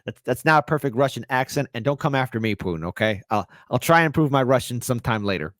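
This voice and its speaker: A man hosting a commentary show, reacting to interview clips with animated exclamations and laughter. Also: mid-range voice, fast talker, no room sound, studio quality.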